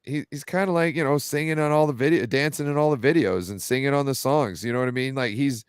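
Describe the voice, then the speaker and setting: A man's voice: mid-range voice, fast talker, clean tone, dry recording, studio quality. A man co-hosting a casual sports talk show, telling rambling stories with lots of fillers. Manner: rambling, animated storyteller with many fillers. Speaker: podcast co-host.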